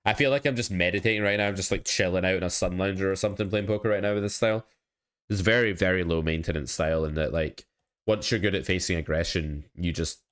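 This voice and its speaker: Low-voiced poker streamer. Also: male voice. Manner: chatty, self-critical, talks to chat. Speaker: poker coach streaming his play. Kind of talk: casual live-stream commentary.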